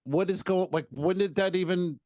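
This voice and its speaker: A man's voice: high voice, moderate pace, darkish tone, no echo. A middle-aged man co-hosting a comedy podcast, complaining in an exasperated, sardonic way. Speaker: podcast co-host. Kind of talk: casual comedy podcast banter.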